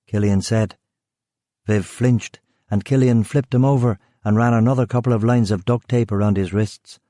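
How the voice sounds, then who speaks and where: A man reading a crime thriller aloud in a measured, dry manner. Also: lowish voice, fairly even intonation, warm tone, no room sound. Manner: measured, dry delivery, voicing characters. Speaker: audiobook narrator. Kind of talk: scripted narration.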